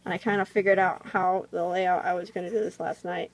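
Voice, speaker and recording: A woman's voice: fairly low pitch, little pitch movement, fairly quick, rough recording. A woman chatting casually while she draws, rambling with lots of fillers, recorded on a phone camera. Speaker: vlogger drawing on camera. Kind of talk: casual drawing tutorial chat.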